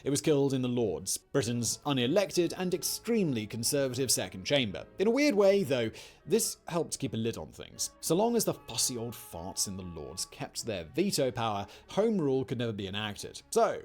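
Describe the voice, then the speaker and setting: A man's voice: medium pitch, big pitch swings, normal speed, darkish tone, soft background music. Wry male history narrator. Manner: wry, jokey asides. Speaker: documentary narrator.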